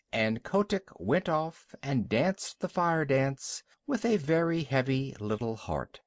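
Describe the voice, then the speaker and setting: A man's voice: mid-range voice, very animated, takes it slowly, hardly any pauses, no room sound, studio quality. A man narrating a classic animal story as an audiobook reader, telling it expressively. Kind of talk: scripted narration.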